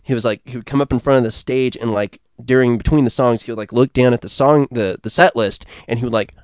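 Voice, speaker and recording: A man co-hosting a casual talk show, telling a rambling story and doing loud imitations of crowd chants. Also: medium pitch, quick pace, smooth, dry recording, studio quality. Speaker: podcast co-host. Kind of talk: casual chat.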